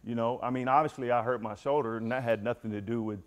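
A middle-aged motivational speaker talks to a football team about his own recovery, sharing his story candidly and speaking straight to the room. His voice sits at medium pitch, with a steady tone and a quick pace.

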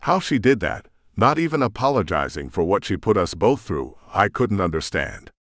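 Deep male audiobook narrator, expressive first-person reading, dry close-miked sound. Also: normal speed, no room sound.

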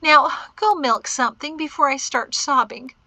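A woman voicing a spirited, blunt older mother-in-law who talks briskly and exclaims readily, pitched higher than her narration. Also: pushed and bright, no echo. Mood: tender.

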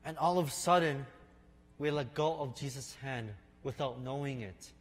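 A man preaching a sermon in an unhurried storytelling way, speaking to listeners as his friends. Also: mid-range voice. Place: church sanctuary. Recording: long reverb of a large hall.

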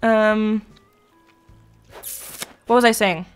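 A woman's voice: mid-range voice, fairly even intonation, extremely slow, clean tone, faint music behind. A young woman chatting casually while live-streaming a video game, rambling between thoughts and answering her chat.

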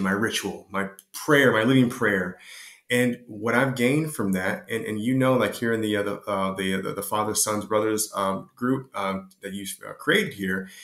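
A man's voice: lowish voice, a bit bright, echoey room. A man speaking as a guest in a reflective interview, passionate and emphatic, often repeating his words. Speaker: guest, retreat co-host.

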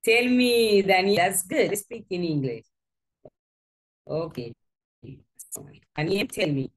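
A woman with a Spanish accent, for whom English is a second language, teaches an English class in a classroom. Her voice is medium-pitched and slow as she patiently repeats and corrects her pupils.

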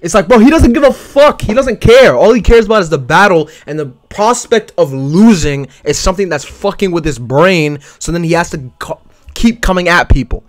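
A man's voice: high voice, animated, normal speed, no echo. A man giving a casual, slangy and profane spoken analysis of an anime, talking loosely with many fillers. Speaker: anime commentary vlogger.

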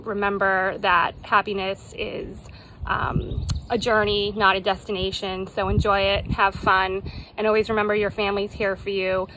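A woman giving an even, encouraging recorded message for the family. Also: medium pitch, a little hiss or hum, rough recording. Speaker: family member. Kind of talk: recorded well-wishing message.

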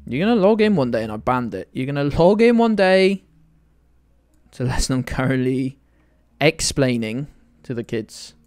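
A man's voice: medium pitch, sing-song, moderate pace, a little mellow, smooth, dry recording. A young British man streaming a game live, teasing his chat with playful indignation and mock outrage. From United Kingdom.

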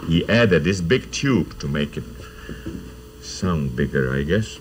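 A man's voice: very deep voice, lively intonation, slow, a little hiss or hum. An older man hosts a children's TV show. He tells a story to kids in a playful way and explains each step as he goes. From Czechoslovakia. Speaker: children's TV host. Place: TV studio.

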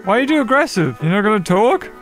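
An excitable man narrating his gameplay in a high voice that jumps all over the place. He laughs often and calls out to the other players as he goes. Faint game music plays underneath. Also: fast. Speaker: gaming channel host. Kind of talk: casual gameplay commentary.

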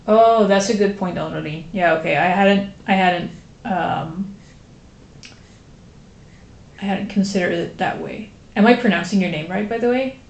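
A woman's voice: mid-range voice, a little slow, creaky, long pauses, highs cut off. A woman with a Dutch accent chatting casually with viewers on a live stream, rambling with lots of fillers. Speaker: streamer drawing a graphic novel. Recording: roomy echo with faint noise.

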